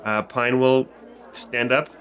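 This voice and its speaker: A man's voice: medium pitch, little pitch movement, slow, a bit bright. A man playing a tabletop game, chatty and joking. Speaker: player. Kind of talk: tabletop role-play.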